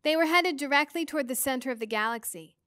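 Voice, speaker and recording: Bright-voiced woman teacher reading aloud. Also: high-pitched, quick pace, no echo, clean studio sound. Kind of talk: reading a novel aloud to students.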